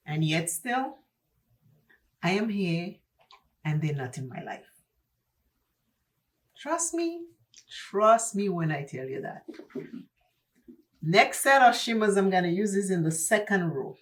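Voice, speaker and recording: Woman with an accent, slow unhurried delivery, lowish voice, emphatic preachy makeup chatter. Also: a bit bright. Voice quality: speaks with an accent. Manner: emphatic, preachy, repeats for stress. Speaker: beauty vlogger. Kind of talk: chatty get-ready-with-me talk.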